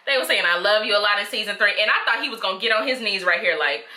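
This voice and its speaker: A woman's voice: mid-range voice, expressive, a little fast, bright, forceful tone, reverberant, slight background noise. A woman giving casual, opinionated reaction commentary to viewers, chatty and slangy, calling her audience "girl". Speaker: reaction vlogger.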